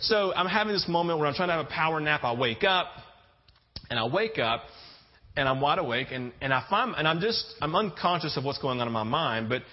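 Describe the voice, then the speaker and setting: A man's voice: on the high side, expressive, brisk. A man preaching a sermon as a pastor, telling stories in a conversational way and often checking in with "right?". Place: church sanctuary with congregation. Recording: dull lo-fi sound.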